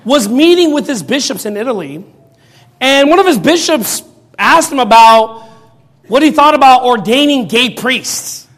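High-voiced sarcastic ranting man. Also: animated, measured pace. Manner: sarcastic and mocking, bursts into shouts. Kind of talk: ranting commentary. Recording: long reverb.

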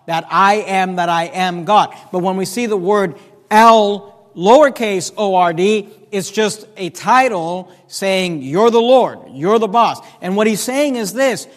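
A man with a high voice preaches from the pulpit, slowing down to stress each quoted scripture verse. His words ring out with the long reverb of a large church hall. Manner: preaching, drawn-out emphatic quoting of scripture. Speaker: pastor. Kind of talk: sermon.

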